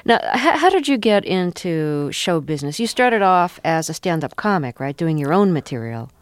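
Lower-pitched woman radio interviewer. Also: big pitch swings, normal speed, no echo. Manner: thoughtful, articulate questioning.

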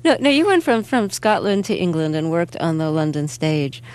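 A woman hosting a radio interview, asking measured, gently prompting questions. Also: lowish voice, sing-song, clear, resonant tone.

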